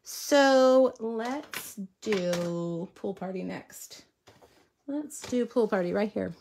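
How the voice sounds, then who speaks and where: A woman's voice: mid-range voice, animated, very slow, gravelly, darkish tone, slight background noise. A woman giving a casual live card-stamping tutorial from her home craft room. She is chatty and easily distracted, breaking off to talk to her viewers and her dogs. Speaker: stamping and card-making demonstrator.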